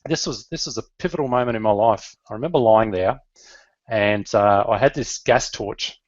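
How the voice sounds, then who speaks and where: A man's voice: lowish voice, moderate pace, no echo, dull audio. A middle-aged Australian man telling his life story in an earnest, emotional way, with fillers and restarts. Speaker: business leader.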